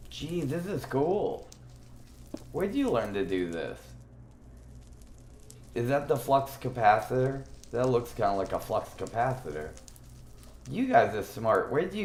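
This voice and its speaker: A man's voice: medium pitch, sing-song, moderate pace, darkish tone, a little hiss or hum. A man livestreaming a game, chatting playfully and teasing his viewers. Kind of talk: casual gaming livestream chat. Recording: roomy echo with faint music.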